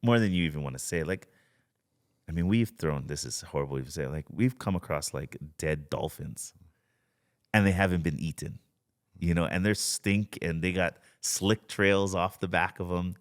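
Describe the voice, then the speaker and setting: Man, podcast guest, low voice, easygoing storyteller, casual chat, studio mic. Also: moderate pace. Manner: relaxed storytelling, frequent "you know" and "like". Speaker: guest, spearfisher.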